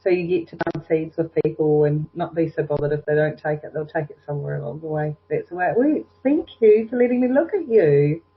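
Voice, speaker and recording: A woman's voice: low-pitched, brisk, few pauses. Gushing woman on a lo-fi video call. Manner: effusive, encouraging, full of praise. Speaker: intuitive reader. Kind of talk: online call-in reading. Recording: muffled lo-fi video call audio.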